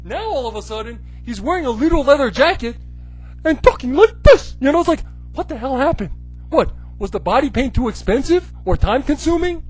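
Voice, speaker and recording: Brief: male commentary host, sarcastic, animated, very lively intonation. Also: very high voice, husky, low-quality recording. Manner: animated, sarcastic, full of "you know, like". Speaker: wrestling commentary video host. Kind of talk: comedic rant.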